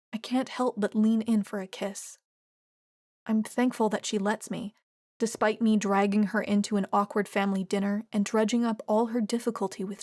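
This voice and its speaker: A woman narrating a romance audiobook in a steady, expressive reading. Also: medium pitch, no echo, clean studio sound. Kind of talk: scripted narration.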